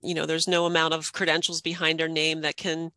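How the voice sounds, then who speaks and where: A woman's voice: low voice, level tone, brisk, bright, forceful tone, no room sound. A woman in her fifties, a life coach, talking reflectively and earnestly as a podcast guest, laughing often. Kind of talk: podcast interview.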